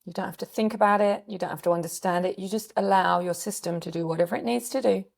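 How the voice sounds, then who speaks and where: A woman coach gently guiding a calming practice, sighing often, her throat a bit scratchy. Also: fairly low pitch, fast talker, vocal fry. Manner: gentle, permissive guiding with frequent sighs. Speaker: recovery coach. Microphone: desk mic on a video call.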